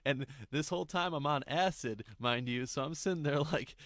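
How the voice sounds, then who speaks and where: A man's voice: on the high side, moderate pace, fairly bright tone, no room sound. Young man, casual storytime, rambling, laughs and cusses, dry close recording. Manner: rambling, laughing, swearing, many restarts.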